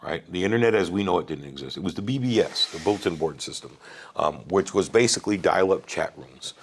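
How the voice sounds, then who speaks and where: Gravelly low-voiced man telling his story. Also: fast talker, slight background noise. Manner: animated, profane, keeps asking "right?". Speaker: podcast guest. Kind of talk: casual storytelling interview.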